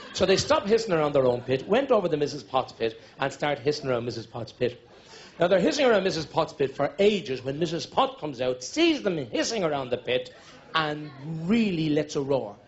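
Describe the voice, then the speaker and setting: A middle-aged man with a Dublin accent doing stand-up, telling rambling anecdotal stories and bursting into loud shouts at the punchlines. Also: a little high, a little hiss or hum. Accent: Irish, Dublin. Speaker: stand-up comedian. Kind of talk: stand-up storytelling. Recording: dull live recording with audience laughter. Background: audience laughter.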